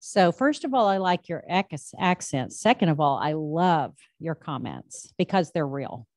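A woman's voice: low voice, expressive, a little slow, darkish tone, dry recording, studio quality. A woman, speaking to a club audience in a direct, emphatic, conversational way. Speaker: state labor commissioner speaking to a club. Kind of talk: speech answering an audience question.

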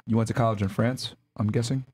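A man's voice: on the low side, steady tone, quick pace, a little mellow, breathy edge. A man co-hosting a podcast, questioning guests in a dry, casual way. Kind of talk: casual interview chat.

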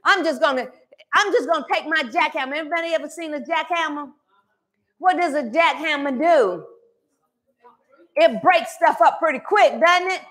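A woman with a high voice preaches a sermon in a church. She swings between loud calls and quiet asides, pulling the congregation into call-and-response. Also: normal speed, pauses often. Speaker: pastor. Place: church sanctuary.

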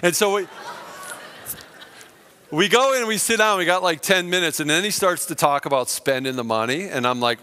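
Bright-voiced storytelling pastor. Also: male voice, fairly high pitch, lively intonation, brisk. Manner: storytelling, acts out friends' lines with big swings in loudness. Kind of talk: sermon.

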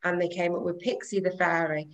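A woman's voice: lowish voice, flat delivery, a little fast, far from the mic, rough recording. An English woman guest chatting on a video call, bubbly and jokey. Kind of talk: casual chat.

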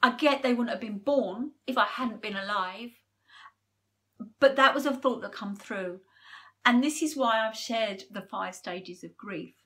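A woman giving a personal numerology forecast to camera, talking earnestly and openly emotional, with pauses. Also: a little high, sharp tone. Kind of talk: personal spiritual talk to camera.

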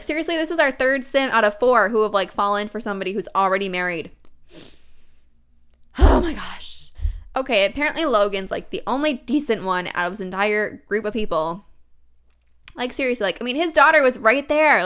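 A young woman with a stuffy nose from a cold, chatting excitedly and casually as she comments on her gameplay. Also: on the high side, smooth. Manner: chatty, excitable, many fillers. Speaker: let's play host.

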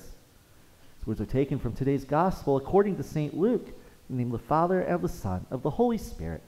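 Male priest, warm dark voice, lively pitch, homily, church echo. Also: a little fast. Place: large church. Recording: long church reverb.

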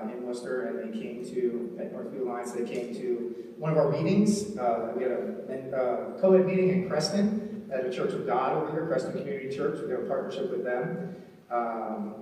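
A man's voice: medium pitch, a little mellow. A man from Ohio telling his testimony in a sermon, earnest and storytelling, with frequent ums and "right?" tags. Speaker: preacher and recovery ministry leader. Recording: echoey hall from far off, faint noise.

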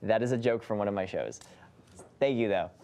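A man's voice: fairly low pitch, animated, a little fast, darkish tone. A man hosting a casual party game with friends, joking and laughing as he talks. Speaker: game show host. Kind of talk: playful group game chat.

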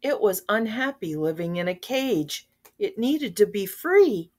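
A woman's voice: medium pitch, big pitch swings, measured pace, darkish tone, pitched above the performer's own voice. An older woman reading a children's storybook, voicing an earnest young princess in an eager way.

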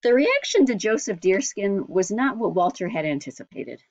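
A woman narrating an audiobook in a measured storytelling manner. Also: medium pitch, big pitch swings, dry recording, dull audio.

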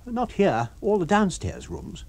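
A jittery scientist, pitched well above his usual register, husky and lively. His lines come tight and uneasy, as a male reader puts him on. The audiobook reading keeps him a touch breathless. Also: a little slow, exaggerated voice. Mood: tense.

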